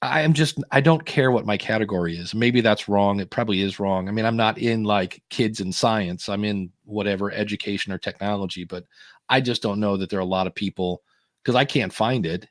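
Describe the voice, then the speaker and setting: A man's voice: lowish voice, brisk, no echo, clean studio sound. Rambling jokey male podcast co-host. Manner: rambling, jokey, self-interrupting. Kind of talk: casual live podcast chat.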